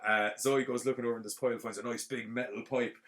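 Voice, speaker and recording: A man, hosting a podcast and retelling a film plot in a casual, rambling, animated way full of fillers. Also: mid-range voice, fast. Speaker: podcast host.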